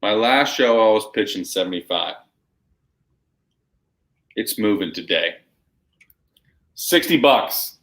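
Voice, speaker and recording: A man's voice: fairly low pitch, lively intonation, slow pace, long pauses, fairly bright tone. Hyped comic-selling salesman. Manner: hyped, emphatic salesman patter. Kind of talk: live shopping show sales pitch.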